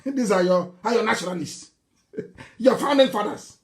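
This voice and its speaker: A man with a Nigerian accent giving an impassioned live broadcast speech, mocking and scornful, laughing and shouting at times. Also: high-pitched, normal speed. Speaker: political broadcaster.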